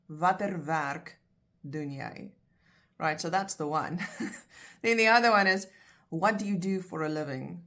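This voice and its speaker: A South African woman with a fairly low voice gives a language lesson. Afrikaans is her first language. She models each phrase slowly and clearly, then explains how it is used. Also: fairly bright tone. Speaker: language teacher.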